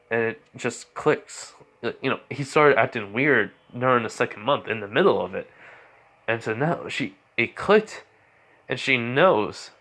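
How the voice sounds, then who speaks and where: A man's voice: mid-range voice, a bit bright. Rambling man retelling a fan story. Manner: rambling with constant fillers.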